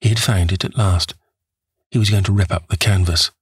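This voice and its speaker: A man narrating a classic novel in a measured, expressive reading. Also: low voice, husky, no echo. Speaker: audiobook narrator. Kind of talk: scripted narration. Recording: dry close studio voice.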